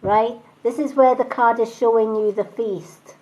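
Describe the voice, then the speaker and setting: A woman's voice: fairly high pitch, moderate pace, hardly any pauses, mellow, low-quality recording. A woman giving a live spiritual reading, chatty and reassuring, often repeating phrases and asking "right?". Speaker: psychic reader.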